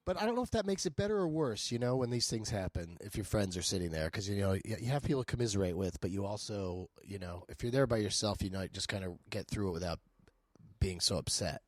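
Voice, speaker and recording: A man's voice: lowish voice, expressive, fast, no echo. A man guesting on a podcast, chatting in a laid-back, wry way and trailing off with hedges. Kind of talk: casual chat.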